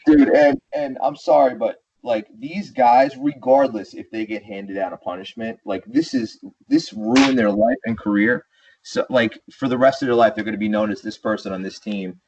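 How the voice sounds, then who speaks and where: A man's voice: mid-range voice, moderate pace, darkish tone, husky. A man co-hosting a podcast in casual sports chat, ranting animatedly and calling people "dude" and "bro.". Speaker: podcast co-host. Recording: dull lo-fi sound.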